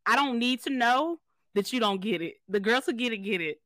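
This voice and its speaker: A young woman chats playfully on a podcast and speaks straight to her listeners. Her pitch swings up and down a lot. The recording is dry and close. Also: brisk, no room sound. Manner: lively, playful, addresses listeners directly. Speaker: podcast co-host. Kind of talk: casual chat.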